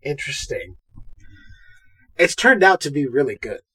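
A man co-hosting a podcast speaks at a normal speed in a husky, slightly high voice. He gives an easygoing recap of a film, telling it with energy and acting out quotes from its scenes.

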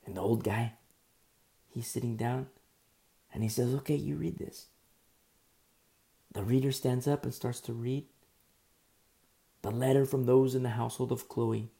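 A man preaching a sermon, retelling scripture as a lively, conversational story with asides to his listeners. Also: medium pitch, normal speed, pauses often.

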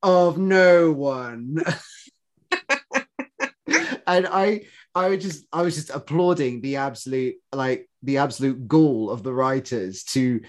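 A man co-hosting a podcast in casual chat, animated and rambling, with many restarts and fillers. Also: medium pitch, moderate pace, few pauses. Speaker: podcast co-host.

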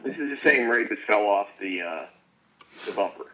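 A man co-hosting a podcast, telling a fishing story in casual chat, halting and restarting sentences. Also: on the low side, lively intonation, sharp tone, poor audio. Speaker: podcast co-host.

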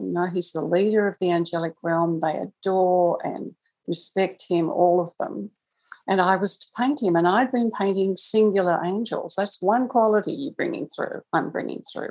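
A woman's voice: medium pitch, steady tone, normal speed, darkish tone, breathy edge, poor audio. A woman guest on a podcast telling a personal story in a reflective, conversational way, laughing now and then. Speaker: guest, angel communicator.

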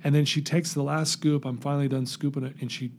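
A man telling his recovery story in an interview, earnest and animated, acting out the voices in his story. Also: fairly high pitch, fast talker, slight background noise.

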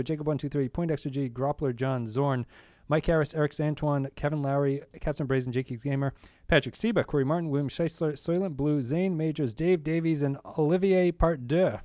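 A man co-hosting a podcast in relaxed, casual chat, his voice sitting at an ordinary middle pitch. He is recorded up close on a dry mic with no room sound. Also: no echo. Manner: relaxed, reads a long list of supporter names. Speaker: podcast co-host.

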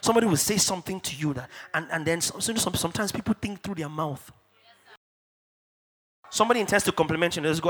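A middle-aged man from Africa preaching a sermon in church, emphatic and repetitive, dropping to hushed asides and rising to shouted declarations. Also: sits high, animated, fast talker, breathy edge. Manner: repeats key phrases for stress. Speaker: pastor.

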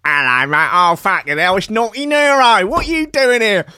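A man's voice: high voice, lively intonation, moderate pace, pushed and bright, clear, resonant tone, pitched above the performer's own voice, exaggerated voice. A man voicing a cheeky male character with a mock Eastern European accent, speaking in an exaggerated, mocking way. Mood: mock-menacing.

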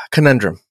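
A man's voice: on the low side, bright, forceful tone, breathy edge, no echo, clean studio sound. A man recapping a TV episode in casual chat, rambling and swearing as he acts out the characters' voices.

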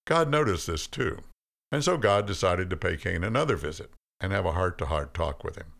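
Male narrator for a humorous Bible story, very deep, gravelly, lively delivery. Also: brisk. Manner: wry, comic storytelling.

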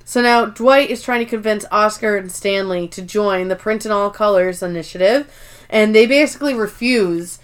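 A woman's voice: mid-range voice, moderate pace, smooth. A woman co-hosting a podcast, casually recapping a show and rambling through scenes with swearing. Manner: rambling, swears, quotes characters. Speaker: podcast co-host.

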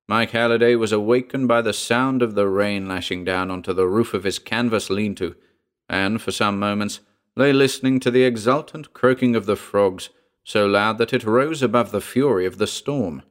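A man narrating a short story as an audiobook, reading in a measured, even way. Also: fairly low pitch.

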